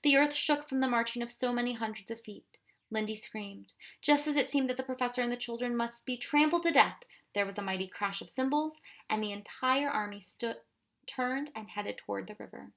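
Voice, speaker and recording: A woman reading a children's storybook aloud in a soft, even voice. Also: fairly high pitch, brisk. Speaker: audiobook reader. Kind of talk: storybook narration.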